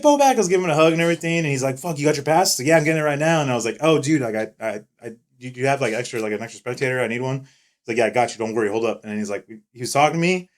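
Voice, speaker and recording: A young man co-hosting a casual podcast, telling profane stories and acting out what others said. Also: mid-range voice. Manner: swearing, animated retelling with quoted voices. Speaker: podcast co-host. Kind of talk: casual chat, storytelling.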